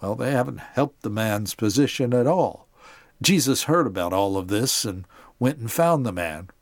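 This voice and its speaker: A man's voice: mid-range voice, lively intonation, normal speed, no room sound. Podcast guy retelling a bible story, voice rises and falls a lot, dry close mic. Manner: explanatory storyteller, addresses listeners. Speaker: podcast host. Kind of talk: scripted Bible story narration.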